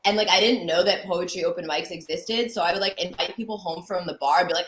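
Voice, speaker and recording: A woman's voice: lowish voice, quick pace, roomy sound, rough recording. A young adult woman from Connecticut, a guest comedian, telling candid stories with lots of "like" and acted-out quotes. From Connecticut, USA. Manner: chatty, peppered with "like", acts out quoted lines. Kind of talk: candid storytelling interview.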